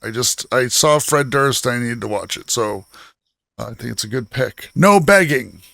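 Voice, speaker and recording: Slow, lively-toned man co-hosting a stream. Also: mid-range voice, vocal fry, no room sound. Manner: laughing, riffing with chat. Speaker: podcast co-host. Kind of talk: casual livestream chat.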